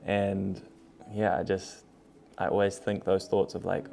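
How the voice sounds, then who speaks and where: Laid-back low-voiced young man, swearing freely. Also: measured pace, gravelly, a little hiss or hum. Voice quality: relaxed, frank, swears freely. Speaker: vlogger. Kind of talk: casual talk to camera. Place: new home, room full of boxes.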